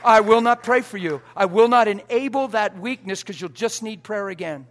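A pastor, a man, preaching a sermon in an emphatic, blunt style with sudden shouted lines. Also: high-pitched, moderate pace, slight background noise.

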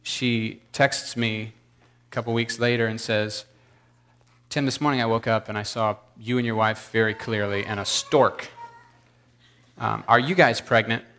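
Bright-voiced man telling a church story. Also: on the low side, fairly even intonation, a little slow. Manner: rambling, self-deprecating, full of asides. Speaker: preacher. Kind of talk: conversational storytelling to a congregation.

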